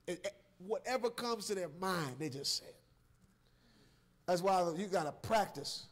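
A man's voice: high-pitched, lively intonation, moderate pace. A man preaching a revival sermon, emphatic and repetitive, drawing call-and-response from the congregation. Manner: emphatic, repeats words and restarts, chuckles. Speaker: guest preacher, church elder.

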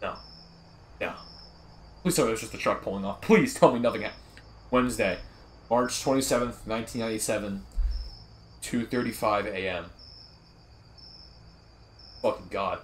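Profane, jumpy young gamer. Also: male voice, fairly low pitch, normal speed, long pauses, slight background noise. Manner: profane, jittery, nervously joking. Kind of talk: horror game let's play commentary.

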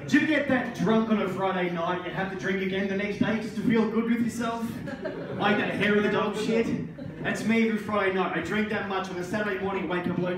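A man's voice: high voice, fairly even intonation, brisk, recorded from a distance. An Australian man doing a crude stand-up set at an open mic, often laughing at his own jokes. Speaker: stand-up comedian. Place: small pub open mic stage, indoors. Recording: echoey pub room with crowd noise. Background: crowd laughter and chatter.

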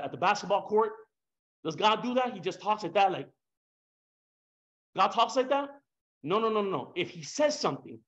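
A man with a high voice preaches a fervent sermon. He swings from hushed lines to loud bursts, peppers the congregation with rhetorical questions and slips into casual slang. The recording sounds dull and lo-fi.

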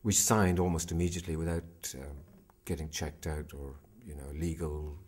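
Low-voiced, reflective man. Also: fairly even intonation, moderate pace, a little mellow, husky. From Ireland. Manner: reflective, searching for words. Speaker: interviewee, musician. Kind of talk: documentary interview.

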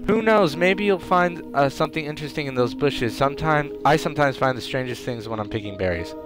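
A man's voice: on the high side, expressive, brisk, over music, natural voice. A man voicing a nearsighted old hermit in a video game, rambling and folksy. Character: nearsighted old hermit who lost his monocle.

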